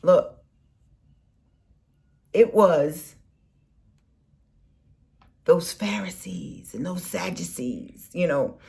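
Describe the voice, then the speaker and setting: Slow, animated woman ranting at politicians. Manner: scolding, preachy, lively pitch swings. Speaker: political commentary vlogger. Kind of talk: impassioned political rant.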